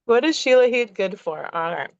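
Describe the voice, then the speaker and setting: A woman's voice: a little high, expressive, moderate pace, clear, resonant tone, no room sound. A middle-aged woman hosting a casual podcast, reading aloud and chatting, profane and laughing at herself. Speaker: podcast host. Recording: dull, dry lo-fi audio.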